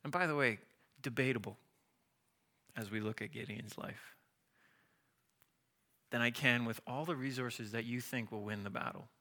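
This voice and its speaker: Animated, bright-voiced male pastor. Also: medium pitch, normal speed, long pauses. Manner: animated, acts out voices of biblical figures. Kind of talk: sermon.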